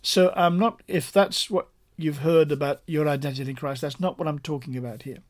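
A man's voice: a little high, steady tone, fairly quick. A man preaching a sermon, explaining a passage point by point in an earnest, emphatic way that repeats key phrases. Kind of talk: sermon teaching.

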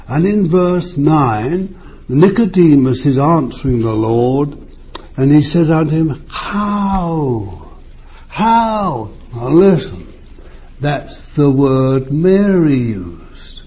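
An older male preacher from London's East End delivers a sermon at a slow pace in a husky voice with lively pitch. He is emphatic, poses rhetorical questions, and swings widely in pitch. The recording is muffled and lo-fi.

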